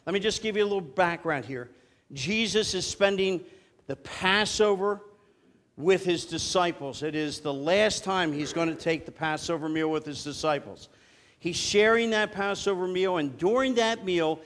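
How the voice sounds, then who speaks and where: A man preaching as pastor, earnest, slowing down to lead the congregation in repeating simple phrases. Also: on the high side, a bit bright. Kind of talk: sermon.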